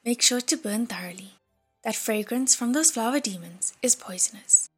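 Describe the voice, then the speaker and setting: A woman's voice: on the high side, expressive, normal speed, a bit bright, husky, faint music behind. A woman voicing a cool, disdainful young man with a dry tone.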